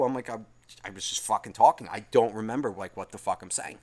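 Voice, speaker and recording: A man's voice: on the low side, quick pace. A man hosting a solo podcast who reads out listener email, then rambles and swears heavily as he gets worked up. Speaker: podcast host.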